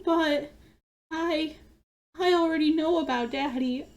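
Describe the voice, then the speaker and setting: A woman voicing a cheerful, plucky young girl in a game read-through, pitched up high and childlike. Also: slow pace. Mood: sad.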